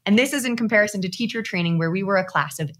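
A woman guest on a podcast, telling a personal story in a casual, animated way and acting out her own past thoughts. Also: mid-range voice, very fast.

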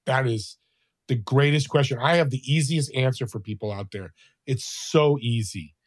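A man's voice: mid-range voice, normal speed, no echo, studio quality. A man speaking as a podcast guest, telling faith-based stories and acting out the people in them. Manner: animated, acts out quoted people in his stories; faith-based, talks of the Holy Spirit. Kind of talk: conversational interview storytelling.

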